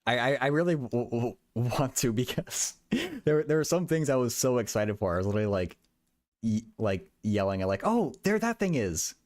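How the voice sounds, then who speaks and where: A man's voice: mid-range voice, expressive, moderate pace, darkish tone. A young man livestreaming while he does math homework, chatting casually and often stammering and repeating words.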